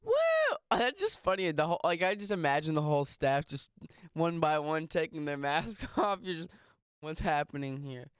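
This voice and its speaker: A man co-hosting a casual podcast, joking and animated, laughing easily. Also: on the high side, brisk, clean tone, no room sound, clean studio sound. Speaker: podcast co-host. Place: home studio.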